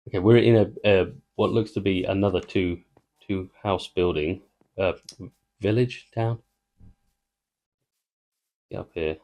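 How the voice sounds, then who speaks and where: Speaking a little slowly with long pauses, a man with a deep, darkish voice rambles through let's-play commentary. As a gaming video creator, he tries to get a joke out while interrupting himself.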